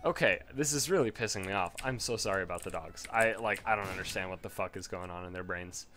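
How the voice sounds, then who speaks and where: A man rambling through casual gameplay commentary, telling a story with lots of swearing and sudden excited jumps in pitch. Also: fast.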